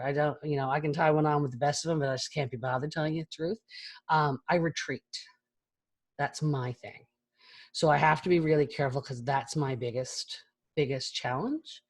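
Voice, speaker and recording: A woman in her forties speaks candidly to an online audience over a video call, with a slightly low voice. Her talk is chatty and frank, and she drops casual swear words as she goes. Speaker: keynote speaker.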